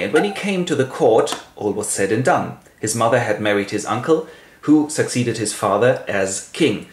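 German-accented man, wry deadpan narration, mid-pitched voice, echoey room. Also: a little hiss or hum. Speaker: host and narrator. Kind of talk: comic literary summary.

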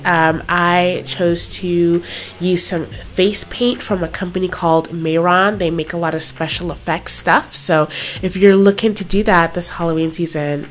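A young woman with a stuffy, nasal voice from being sick, chatting casually through a makeup tutorial with lots of fillers. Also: fairly low pitch. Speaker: makeup vlogger.

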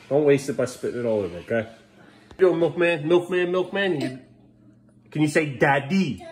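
A man's voice: mid-range voice, darkish tone, rough recording. A man filming a casual family vlog at home, coaxing his young sons and then scolding them in exasperation. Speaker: father and family vlogger.

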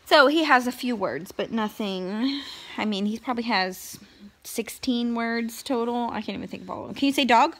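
A woman's voice: a little high, moderate pace, a bit bright, a little hiss or hum. A young mother, playfully coaxing her toddler to say words in a casual home vlog. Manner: sing-song baby talk, playful and coaxing. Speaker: vlogger, mother.

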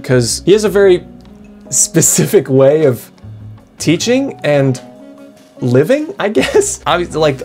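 A young man, a college student, chatting casually to camera in a rambling, self-mocking way that is full of restarts. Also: mid-range voice. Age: young adult. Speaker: vlogger.

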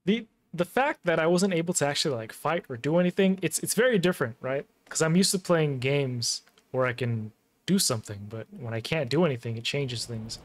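A man hosting a gaming video, commenting excitably as he plays, talking to himself and his viewers and shouting at the game. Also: fairly high pitch, fairly quick. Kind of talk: let's-play commentary. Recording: loud game noise behind the commentary.

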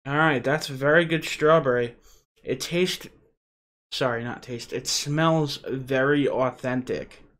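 A man's voice: medium pitch, slow pace, a bit bright. A man hosting a casual unboxing vlog, chatty and rambling, with frequent "uh" fillers. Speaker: channel host.

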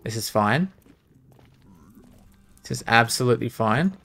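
A man's voice: mid-range voice, animated, measured pace, creaky, fairly bright tone, faint music behind. Muttering young man streaming a speedrun. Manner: self-talking, muttering and exclaiming. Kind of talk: live commentary while speedrunning a game.

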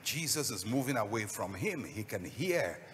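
A man's voice: lowish voice, big pitch swings, moderate pace, fairly bright tone, in a large hall, a little hiss or hum. A man preaching a sermon as a pastor, telling a story dramatically and acting out the voices.

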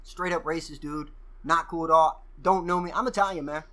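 A man guest telling casual stories, profane and animated, acting out what people said. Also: on the high side, moderate pace. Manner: profane, animated storyteller who acts out quoted exchanges. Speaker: podcast guest. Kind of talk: casual storytelling.

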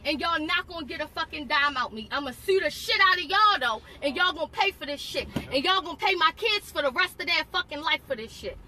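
A woman in her twenties speaks in a high voice, defiant and profane. She keeps hammering her point home. She is recorded on a phone from inside a parked car, with a faint hiss underneath. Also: animated, fast, hardly any pauses. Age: 20s. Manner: defiant and profane, sharp and insistent. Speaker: driver confronting police. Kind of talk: heated confrontation.

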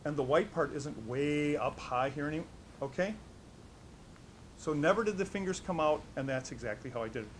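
A man's voice: a little high, normal speed, a little hiss or hum. A man teaching as a doctor, demonstrating a hands-on technique and repeating the key steps with emphasis. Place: studio against a black backdrop.

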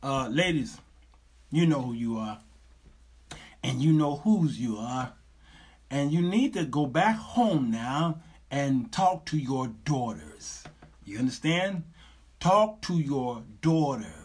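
A man's voice: mid-range voice, animated, takes it slowly, long pauses, slightly rough. A male show host, lecturing viewers in casual livestream talk and laughing often.

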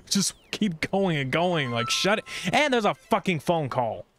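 A man's voice: a little high, sing-song, unhurried, fairly bright tone, slight background noise. A man streaming a video game, grumbling and swearing in a rambling, irritable running commentary. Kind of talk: casual gameplay streaming commentary.

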